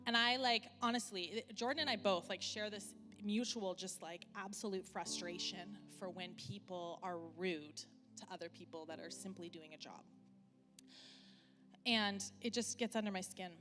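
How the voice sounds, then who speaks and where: A woman in her thirties preaches in a church hall, telling a candid story in a conversational way. Her voice rings out with a long hall reverb, and music plays clearly underneath. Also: mid-range voice. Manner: candid, conversational, many fillers, slows for emphasis. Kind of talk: sermon with personal story.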